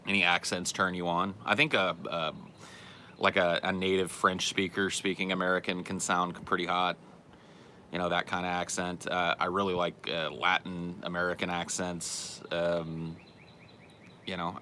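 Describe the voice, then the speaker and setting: Low-voiced male stream host, bright and forceful delivery, rambling off the cuff; faint noisy home recording. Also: fairly even intonation, moderate pace. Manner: rambling, self-correcting, conversational. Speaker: podcast host reading chat questions. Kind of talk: casual livestream chat.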